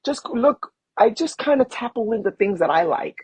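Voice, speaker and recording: A man being interviewed as a guest, a film producer telling animated personal stories and acting out what people said. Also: high-pitched, normal speed, slightly rough, dry recording, poor audio. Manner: animated storyteller who acts out quotes. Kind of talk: casual interview storytelling.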